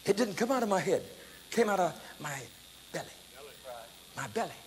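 Older man, evangelist sermon, swooping lively delivery, faint background hiss. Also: high-pitched, moderate pace. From United States. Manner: animated, dramatic, breaks into loud exclamations. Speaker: evangelist preacher. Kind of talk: testimony sermon storytelling. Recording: echoey hall, faint background noise.

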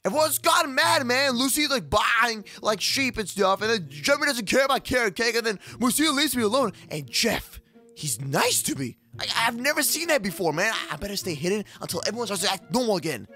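A man's voice: very high voice, expressive, fairly quick, sharp tone, soft background music. A man hosting a Minecraft kids roleplay, talking in a jittery, rambling way. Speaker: roleplay channel host.

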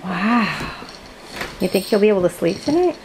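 A woman's voice: medium pitch, lively intonation, normal speed. A woman filming a home video, coaxing and prompting her small child in his bedroom. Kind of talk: casual home video chat. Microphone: handheld camera mic. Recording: noisy home camcorder audio.

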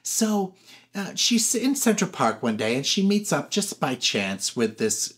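Guy retelling a movie plot, super animated, acts out the lines. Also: on the high side, unhurried, slight background noise. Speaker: movie reviewer host. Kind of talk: casual film review chat.

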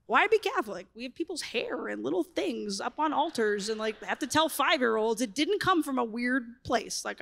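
A woman, telling a personal story at a conference in a chatty, animated way full of "like" fillers. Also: a little high, creaky. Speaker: speaker.

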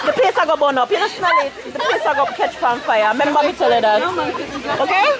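A woman vlogging outdoors at a backyard party, shouting panicked exclamations and mixing patois with English. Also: sits high, animated, fast talker. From Canada. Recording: phone video with loud crowd and fireworks noise.

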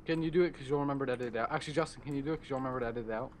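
A man's voice: medium pitch, rapid-fire. A young man hosting a casual game let's play, joking and teasing his friends. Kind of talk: casual gaming chat. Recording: noisy home mic with keyboard typing.

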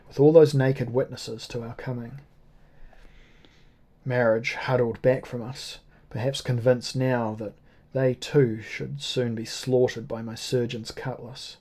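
A man reading a first-person novel aloud as an audiobook, at a measured, grave pace. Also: medium pitch, warm tone. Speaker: audiobook narrator.

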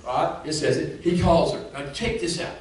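A man's voice: a little high, normal speed. A man preaching a sermon as pastor in an impassioned preacher's cadence, speaking straight to his congregation. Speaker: senior lead pastor. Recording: echoey room from far off.

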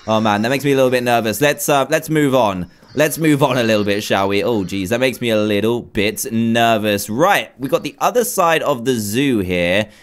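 A man hosting a game video, commenting excitedly with frequent gushing exclamations. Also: medium pitch, normal speed, hardly any pauses. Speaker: gaming video host. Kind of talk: let's play commentary.

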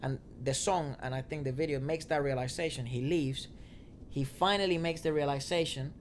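A man's voice: a little high, normal speed. A man co-hosting a casual music reaction chat, explaining his views at length with small restarts. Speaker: co-host. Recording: faint noise, audio trouble said.

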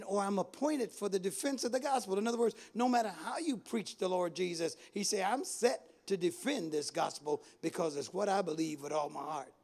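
Preaching a Bible study sermon, this bishop's male voice swings from loud calls to slow, low phrases, and he calls out to those gathered.

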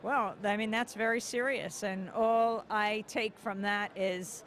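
Woman reporter as interview guest, urgent and indignant, medium pitch. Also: steady tone, unhurried. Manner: urgent, rising to indignant emphasis. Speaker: news host, interview guest. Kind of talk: interview, personal account. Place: convention hall.

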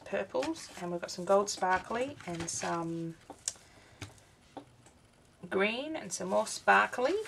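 A woman's voice: medium pitch, creaky, a little hiss or hum. A woman, tired and yawning, chatting through a craft unboxing vlog and exclaiming over each little item. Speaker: craft vlogger.

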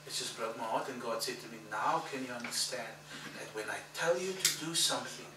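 A man preaching a storytelling sermon, acting out each exchange in his story. His voice carries through a roomy, echoing hall, picked up from some distance with steady background noise. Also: mid-range voice, fairly quick. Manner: animated storyteller, acts out dialogue, laughs at own story. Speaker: pastor. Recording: echoey hall, mic at a distance, background ambience.

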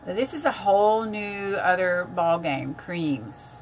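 A woman's voice: lowish voice, animated, measured pace, slight background noise. An older woman chatting casually on a makeup live stream, greeting viewers by name as she works.

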